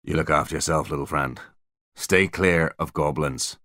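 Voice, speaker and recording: A man's voice: extremely low pitch, steady tone, normal speed, pushed and bright, dry recording, clean studio sound. A man voicing a big, terse male bodyguard who speaks in short, grumbling lines. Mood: gruff wary.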